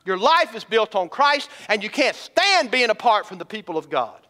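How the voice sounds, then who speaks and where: Man, pastor, sermon, high bright voice, long hall reverb, questions to congregation. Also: sing-song, normal speed. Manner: preaching with rhetorical questions to the congregation.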